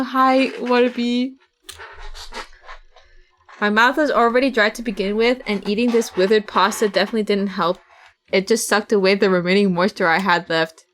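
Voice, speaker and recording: A woman's voice: medium pitch, fairly bright tone. A young woman streamer casually reading a visual novel aloud, swearing and laughing at the script and acting out its tense passages. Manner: reads the game text dramatically. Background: faint game music.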